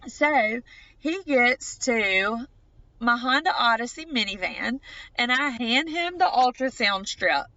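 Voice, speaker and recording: A woman's voice: fairly high pitch, expressive, takes it slowly, bright, forceful tone, no echo, highs cut off. A woman, hosting a podcast and telling a personal story in a chatty way, full of "like". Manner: chatty, peppered with "like". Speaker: podcast host.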